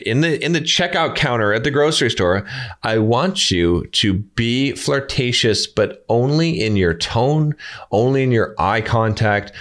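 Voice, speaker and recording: A man's voice: medium pitch, fairly bright tone. A man giving emphatic, instructive coaching advice straight to his viewers, often checking in with "all right" and "right". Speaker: dating coach. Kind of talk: direct-to-camera coaching talk.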